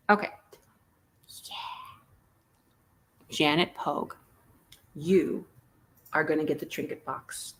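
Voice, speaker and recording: A woman's voice: low voice, fairly even intonation, a little slow, long pauses. A woman hosting a live online vintage auction in a playful, joking, chatty manner. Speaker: live sale host.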